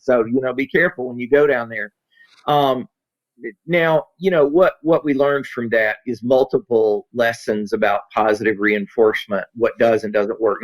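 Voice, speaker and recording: A man's voice: medium pitch, low-quality recording. Folksy man telling stories. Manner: folksy, animated storyteller. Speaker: safety consultant and author. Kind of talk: storytelling in a podcast interview.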